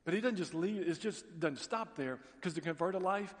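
A middle-aged man preaching a sermon as pastor, telling stories with folksy asides and animated voices for the people in them. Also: high-pitched, moderate pace. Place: church sanctuary. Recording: long reverb of a large hall.

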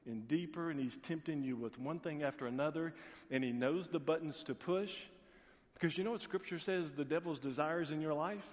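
A middle-aged man preaching a sermon as pastor, telling stories with folksy asides and animated voices for the people in them. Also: a little high. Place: church sanctuary. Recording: long reverb of a large hall.

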